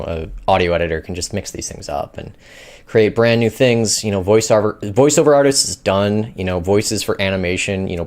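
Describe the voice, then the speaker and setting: A man's voice: low voice, darkish tone. A man hosting a finance news show, talking in loose, rambling casual commentary with many fillers.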